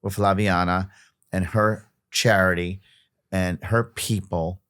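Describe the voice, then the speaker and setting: A man's voice: low voice, fairly even intonation, takes it slowly, a bit bright, smooth, dry recording, studio quality. A middle-aged man, a podcast guest, talking casually and emphatically, often repeating himself and restarting sentences.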